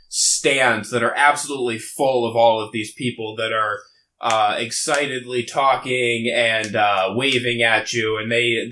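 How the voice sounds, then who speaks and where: Male game master narrating a fantasy scene; slow, halting, bright voice. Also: medium pitch. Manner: halting, full of fillers.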